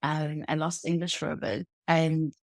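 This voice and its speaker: A woman co-hosting a casual chat, relaxed, steering the talk with quick asides. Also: deep voice, vocal fry, no echo, studio quality. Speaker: podcast co-host.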